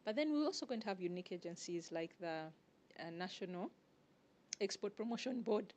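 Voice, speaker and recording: A woman, a guest organizer answering interview questions in a measured, explanatory way with frequent pauses. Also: mid-range voice, animated, darkish tone, slight background noise. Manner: measured, explanatory, pauses often to find words. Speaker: guest, networking group organizer.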